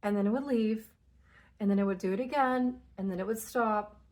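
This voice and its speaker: Speaking at normal speed in a medium-pitched, slightly mellow voice, this woman hosts a spiritual channel and discusses energies with candor. She curses freely, plays out her inner dialogues, and is tearful at times during the casual talk.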